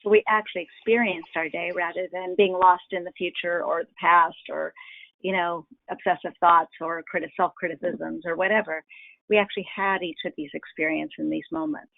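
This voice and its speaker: Woman interviewer, gravelly, affirming, dry phone-like call audio. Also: on the low side, steady tone, a little fast, dry recording. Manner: affirming, builds on the guest's points. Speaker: interviewer, host. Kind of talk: conversational interview.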